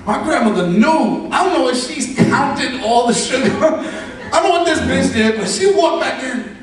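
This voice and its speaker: A man performing a stand-up comedy set, telling animated, profane stories and acting out voices before a live audience. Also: very high-pitched, normal speed. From Latino family. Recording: echoey live room, mic far off. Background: audience laughter.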